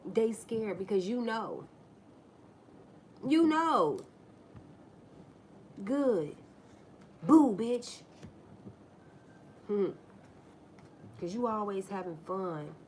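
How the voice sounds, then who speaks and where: Casual woman livestream host, slow deliberate rant, cusses freely, repeats herself. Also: mid-range voice, darkish tone, a little hiss or hum. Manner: blunt, profane, mocking storytelling; repeats herself and restarts lines.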